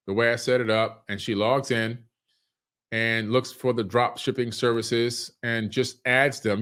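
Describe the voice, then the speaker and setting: A man giving casual business advice at home, talking loosely with restarts and clearing his irritated throat. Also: mid-range voice, a bit bright. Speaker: online business coach. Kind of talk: casual monologue. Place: home room.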